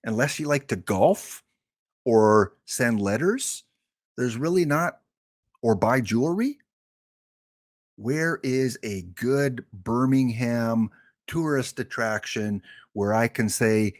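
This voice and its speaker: Slow, joking man streaming a game. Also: medium pitch, lively intonation. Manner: chatty, joking, talks to viewers. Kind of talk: casual live-stream chat.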